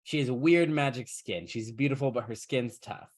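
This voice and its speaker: A male podcast host retells an old fairytale in an irreverent, joking way. His voice sits at a middling pitch. The talk is loose and casual. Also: moderate pace. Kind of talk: casual chat, comic retelling.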